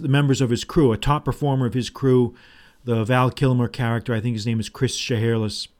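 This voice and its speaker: A man's voice: medium pitch, darkish tone. A man hosting a solo podcast, talking in a casual, rambling way with restarts and asides. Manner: paraphrases movie dialogue in his own voice. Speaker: podcast host.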